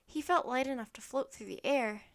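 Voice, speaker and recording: A woman reading a children's chapter book aloud in a steady, clear narration. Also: sits high, brisk. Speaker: storybook narrator.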